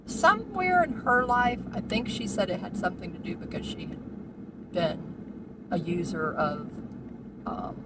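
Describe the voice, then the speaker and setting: A woman's voice: medium pitch, measured pace. A woman in her sixties telling a meandering personal story while driving, full of asides and fillers. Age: 60s. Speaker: vlogger. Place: inside a car while driving. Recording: car road noise behind. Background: car engine and road noise.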